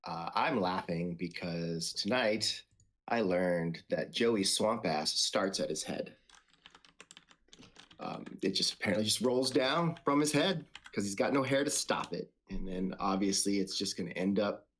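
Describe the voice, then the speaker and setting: A man hosting a casual weekly stream, greeting the group with dry jokey asides. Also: on the low side. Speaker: host.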